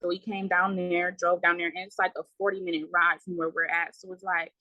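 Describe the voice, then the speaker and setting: Bright-voiced woman recounting a loss. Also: fairly low pitch, little pitch movement, no echo, rough recording. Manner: halting, many fillers, quiet trailing words. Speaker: guest. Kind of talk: emotional personal account.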